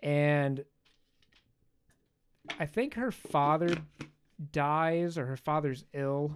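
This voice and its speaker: A man's voice: fairly high pitch, very slow, a little hiss or hum. A man hosting a podcast, casually recapping a movie in a loose, profane way with joking asides. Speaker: podcast host.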